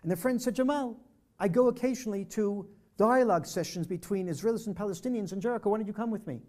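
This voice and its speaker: A man's voice: high voice, fast talker, dark tone. An older man giving a personal storytelling talk at a church presentation, vividly acting out the dialogue he recounts. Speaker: speaker at a peace dialogue presentation.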